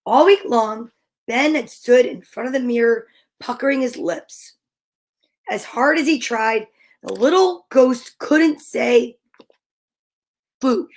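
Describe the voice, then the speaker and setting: A woman reading a children's picture book aloud, gentle, with whispered asides. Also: a little high, takes it slowly, long pauses. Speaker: storyteller.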